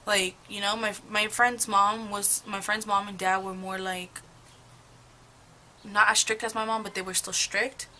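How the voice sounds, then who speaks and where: A young woman's medium-pitched voice runs a little slow, level in tone yet pushed and bright, on a rough recording with a little hiss or hum. At home, this beauty vlogger does her makeup while casually telling a rambling, profane, gossipy get-ready-with-me story.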